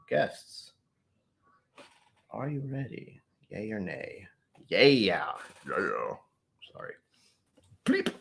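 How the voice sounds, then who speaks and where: Man, host, low voice, very animated, joking, self-mocking, livestream chat from home. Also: creaky. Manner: playful, self-mocking, quick to laugh. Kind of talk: livestreamed whiskey tasting chat.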